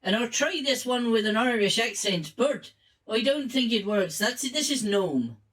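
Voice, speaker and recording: A man's voice: very high-pitched, lively intonation, moderate pace, a bit bright, reverberant, distant mic, voice pushed up, low-quality recording. A man talking through a voice changer filter, making wry, offhand remarks. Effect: in-game voice changer filter.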